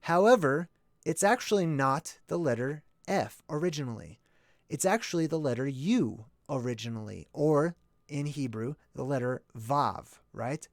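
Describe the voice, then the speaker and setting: A man's voice: a little high, animated, a little slow, dry recording, studio quality. A man hosting his own channel, explaining in a casual livestream way, thinking aloud, correcting himself and checking in with his listeners. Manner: rambling, self-correcting. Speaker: channel host.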